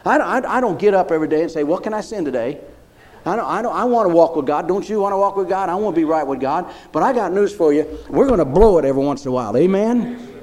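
A man's voice: high-pitched, lively intonation, fast. Emphatic preacher, man. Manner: repetitive, emphatic preaching with rising shouts. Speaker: pastor. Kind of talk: sermon.

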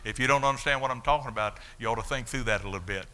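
An older man preaching his testimony in a folksy, animated storytelling way. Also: mid-range voice, rapid-fire. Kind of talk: sermon testimony.

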